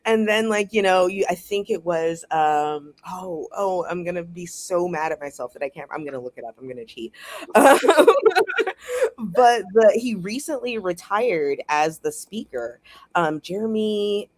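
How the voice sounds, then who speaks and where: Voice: medium pitch, unhurried, dry recording. American author rambling on a video call, voice jumps all over, laughs a lot, dry sound. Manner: animated, rambling, laughs often. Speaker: author guest. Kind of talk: casual chat.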